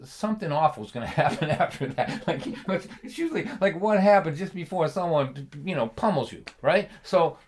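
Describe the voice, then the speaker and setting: A man telling a comic family story on a livestream, chatty and animated, laughing often and checking in with the listener. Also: on the high side, normal speed, hardly any pauses, slight background noise.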